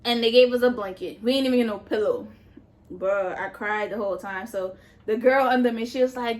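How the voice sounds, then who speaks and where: Animated, foul-mouthed woman telling a story. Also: fairly high pitch, fairly quick. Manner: animated, profane, talks straight to the viewers. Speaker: vlogger. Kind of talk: casual storytime vlog.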